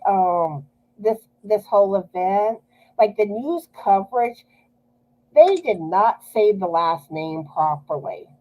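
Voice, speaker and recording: A woman's voice: medium pitch, a little mellow, rough recording. A woman with a South Louisiana Cajun accent, hosting a knitting live stream in a chatty way, laughing often. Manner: chatty, laughs often, drawn-out filler words. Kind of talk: casual live-stream chat.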